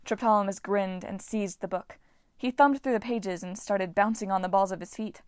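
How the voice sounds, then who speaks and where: A woman reading a novel aloud with steady, even narration. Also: medium pitch, normal speed, clean tone, dry recording, studio quality. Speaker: audiobook reader.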